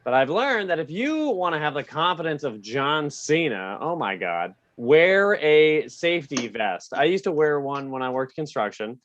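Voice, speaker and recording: A man's voice: a little high, sing-song, normal speed, few pauses, a bit bright, dull audio. A man doing a stand-up comedy set on a club stage, self-deprecating and laughing at his own jokes. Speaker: stand-up comic.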